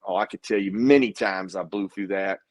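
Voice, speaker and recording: Speaking fairly quickly in a low-pitched voice, with no room sound, the man is a guest on a casual interview. He's an animated storyteller recounting something personal and voicing other people's lines.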